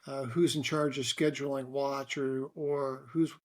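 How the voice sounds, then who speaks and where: A man's voice: medium pitch, flat delivery, unhurried. A middle-aged man hosting an interview, asking long questions with many restarts and fillers. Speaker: host and interviewer.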